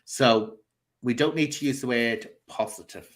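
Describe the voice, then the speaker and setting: A man hosting a casual live chat in a mid-pitched voice. He rambles between topics and delivers opinions with blunt frankness. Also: unhurried. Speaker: host.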